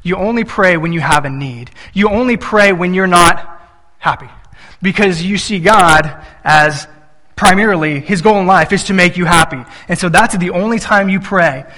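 Lively bright-voiced male preacher, hall echo. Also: sits high, normal speed. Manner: acts out little voices when quoting his son and wife. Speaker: pastor. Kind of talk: sermon.

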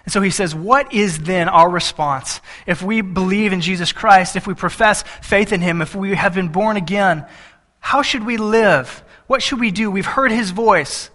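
A man with a high, bright voice preaching to his church. He reads scripture aloud and keeps asking the congregation questions as he explains it. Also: normal speed. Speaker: pastor. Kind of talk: expository sermon.

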